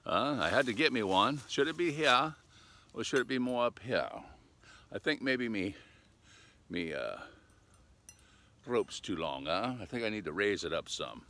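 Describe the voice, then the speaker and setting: An older man with a fairly low voice rambles along in a folksy, chatty way, his pitch rising and falling with lively swings. He talks casually to a camera set up outdoors on a cold day. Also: measured pace, pauses often. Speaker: vlogger. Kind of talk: casual outdoor vlog chat.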